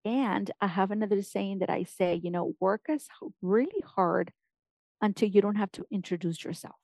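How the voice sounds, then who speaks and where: A woman's voice: medium pitch, moderate pace, creaky, a little mellow, no echo. A middle-aged woman from Mexico, a guest on an interview, talking with energy and repeating punchy encouraging phrases. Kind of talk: motivational interview talk.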